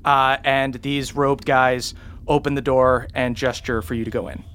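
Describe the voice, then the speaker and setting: Relaxed man narrating a game. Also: medium pitch, moderate pace, clear, resonant tone. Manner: relaxed descriptive narration with fillers. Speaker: game master.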